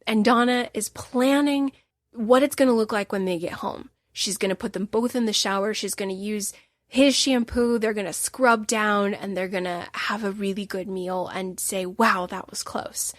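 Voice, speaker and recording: A woman's voice: mid-range voice, fairly even intonation, moderate pace, no room sound, clean studio sound. A woman hosting a solo book podcast, telling the story with emotional, emphatic bursts. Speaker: podcast host.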